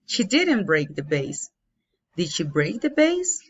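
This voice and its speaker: A woman with as her teaching an English grammar lesson, slowly and carefully, spelling out each example. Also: fairly low pitch, very animated, husky. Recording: dull lo-fi home recording.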